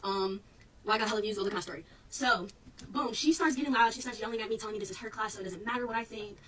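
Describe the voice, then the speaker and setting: A young woman student rapidly and defensively recounting an incident to her followers. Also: medium pitch, steady tone, sharp tone, reverberant, far from the mic, a little hiss or hum, poor audio. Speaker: student telling her story. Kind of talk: storytime recounting events to followers.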